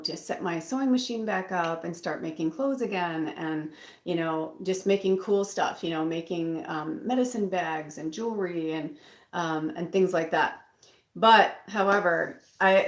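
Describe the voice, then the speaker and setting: A woman tarot reader chatting casually from her bedroom, rambling with fillers and restarts. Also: lowish voice. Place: bedroom at home. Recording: roomy echo.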